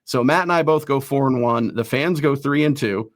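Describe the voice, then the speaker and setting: A man hosting a casual sports talk show, rattling off rankings quickly with self-deprecating asides. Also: medium pitch, no room sound. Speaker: host.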